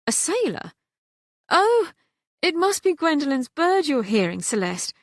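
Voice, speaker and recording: A breezy young heiress , voiced by a woman narrator, brisk and teasing, with a slightly high voice. The reading is dry and close. She is kind and quick. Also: very animated, no room sound, exaggerated voice.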